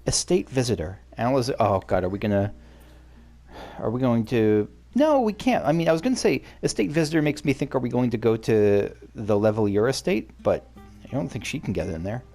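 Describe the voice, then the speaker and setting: A man with a gruff voice chatting his way through a story game, thinking out loud, restarting sentences and swearing now and then. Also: mid-range voice, animated, fairly quick, soft background music. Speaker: gaming channel host. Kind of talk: let's-play commentary.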